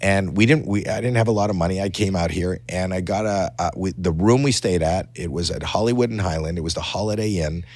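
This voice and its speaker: A middle-aged man telling rambling anecdotes as a podcast guest, animated, with frequent stammering restarts, in a studio. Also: sits low, brisk, few pauses, no room sound. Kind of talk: casual storytelling chat.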